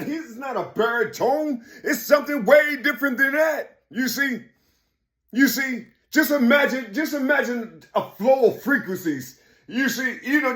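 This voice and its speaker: Man rambling, swinging loud to quiet. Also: high voice. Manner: repetitive, keeps saying "you see". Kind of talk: rambling spoken monologue.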